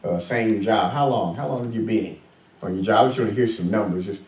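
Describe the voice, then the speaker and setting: A man's voice: fairly low pitch, brisk, darkish tone. Middle-aged-sounding male pastor preaching in an echoey church. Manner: conversational preaching with many fillers and audience questions. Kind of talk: sermon. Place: church sanctuary. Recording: echoey church room, mic at a distance.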